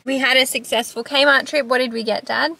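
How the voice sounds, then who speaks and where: A woman's voice: sits high, fairly even intonation, a little fast, vocal fry, bright, forceful tone, a little hiss or hum. A young woman in her twenties, vlogging casually at home into a phone camera, chatty and confiding, swearing now and then. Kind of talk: casual vlog chat to camera.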